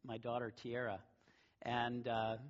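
A man's voice: medium pitch, monotone, measured pace, highs cut off. A middle-aged man preaching a sermon, telling stories in a conversational way and laughing now and then. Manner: conversational storytelling with a warm laugh. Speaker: pastor.

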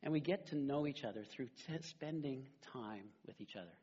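A middle-aged man preaching a sermon as a pastor, animated and conversational, often checking in with "right?". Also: mid-range voice, normal speed, husky, lo-fi sound.

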